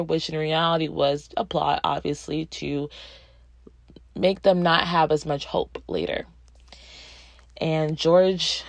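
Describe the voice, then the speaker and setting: A woman's voice: gravelly, no echo. A woman casually retelling a film's plot, acting out the characters' lines as she goes. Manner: chatty, acts out quotes with pitch jumps. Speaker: film recap narrator.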